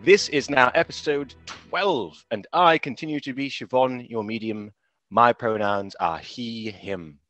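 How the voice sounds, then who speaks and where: A man running a tabletop game as game master on a podcast, animated and quick to laugh. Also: mid-range voice, soft background music. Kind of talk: actual play podcast narration.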